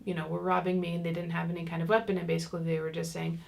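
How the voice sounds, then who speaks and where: A woman teaches an online parenting class in a chatty, casual way, using lots of fillers and acting out what parents and kids might say. Her voice is lowish and gravelly, with a level tone and a rapid-fire delivery.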